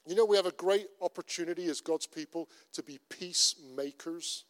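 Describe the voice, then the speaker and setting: Cornish pastor preaching in a reverberant hall. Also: male voice, a little high, normal speed, fairly bright tone. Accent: Cornish English. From Cornwall. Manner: earnest, conversational preaching with repetition. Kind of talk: sermon. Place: church. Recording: long reverb of a church hall.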